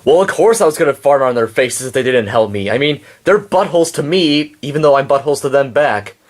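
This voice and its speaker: A man's voice: mid-range voice, expressive, a little fast, close to an everyday voice. A man voicing a rude, boastful cartoon boy in a homemade puppet show, whiny and bratty.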